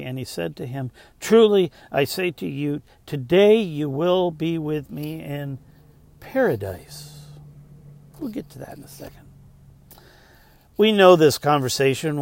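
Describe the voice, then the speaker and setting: A pastor preaching a sermon, rising to emphatic points and dropping to soft, slowed asides. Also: male voice, on the high side, creaky, dry recording.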